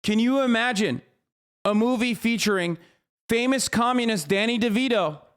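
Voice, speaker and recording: Guy doing a fed up old pundit bit, pompous and slow, kinda high voice. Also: a bit bright, clear, resonant tone. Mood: mock outrage. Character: outraged older male pundit railing at the left.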